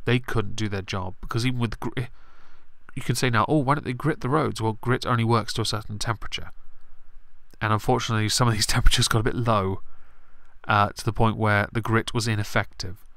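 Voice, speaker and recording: Congested low-voiced man ranting. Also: gravelly, fairly bright tone, clean tone, no room sound. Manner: opinionated, rambling, swears. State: congested, heavy breathing. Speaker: streamer commenting on a broadcast. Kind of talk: casual live-stream commentary.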